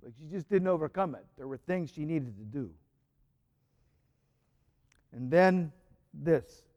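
Male priest, high voice, slow and reflective homily, reverberant church hall. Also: animated, a little mellow, muffled recording. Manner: slow, reflective, reads prayers aloud with rising emphasis. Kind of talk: homily with scripture reading.

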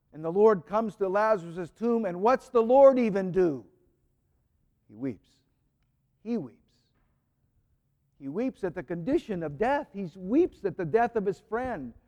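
Slow, high-voiced man preaching in a church hall. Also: darkish tone, lo-fi sound. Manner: slow, reflective, reads prayers aloud with rising emphasis. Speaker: priest. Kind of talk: homily with scripture reading.

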